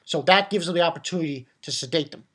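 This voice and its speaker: A man talks through a cartoon episode in a loose, unscripted recap, getting worked up and cursing as he goes. His voice has a bright, forward ring, and he trips over himself with repeated words and "um"s. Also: on the high side, fast. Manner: excitable, swears, many restarts and fillers. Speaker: anime reviewer. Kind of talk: casual episode recap and review.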